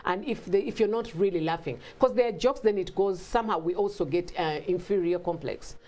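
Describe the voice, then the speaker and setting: A woman's voice: on the low side, fairly quick. A middle-aged woman with a Ugandan accent, a guest in an interview, talking casually and acting out family exchanges with laughter. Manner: animated, acts out family dialogue with laughter.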